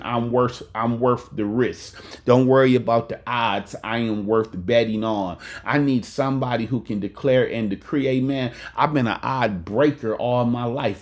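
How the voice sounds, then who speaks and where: A man giving a preacherly motivational talk, often asking listeners to talk back and repeating lines for emphasis. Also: medium pitch. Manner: call-and-response, repeats lines for emphasis, says "amen" often; colloquial Southern Black church cadence with dice-game slang. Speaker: motivational speaker and pastor.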